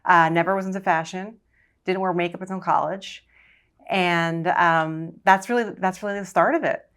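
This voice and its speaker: A woman from Long Island, a surgeon, telling her story in a casual interview with a brisk, confident manner. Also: lowish voice, steady tone, fairly bright tone. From Long Island, New York. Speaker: guest, surgeon.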